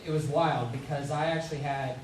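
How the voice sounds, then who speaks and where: Voice actor panelist, man, excitable and stammering, roomy hall sound with faint noise. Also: a little high, a little fast. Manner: excitable, stammering restarts, laughs easily. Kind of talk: convention panel talk. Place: large convention hall, far from mic. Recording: echoey hall from far off.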